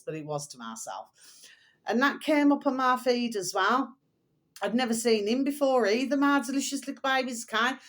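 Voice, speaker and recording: An older woman vlogging in a rambling, chatty way, stopping often to fondly address her viewers. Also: medium pitch. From England. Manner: chatty, meandering, fond pet phrases for viewers. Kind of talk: rambling casual monologue to viewers.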